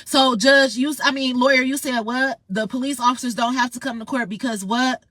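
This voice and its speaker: A woman's voice: high-pitched, steady tone, a little fast, a bit bright, no room sound. A woman ranting in a heated, profane, confrontational monologue straight to her viewers. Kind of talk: angry monologue vlog.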